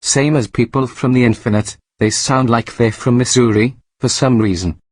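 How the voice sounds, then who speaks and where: A man's voice: mid-range voice, moderate pace, no echo, lightly acted. A man playing a courteous tentacled announcer being. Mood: matter-of-fact. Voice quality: calm, matter-of-fact, courteous. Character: polite tentacled otherworldly male announcer. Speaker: birthday announcer. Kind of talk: mock interview.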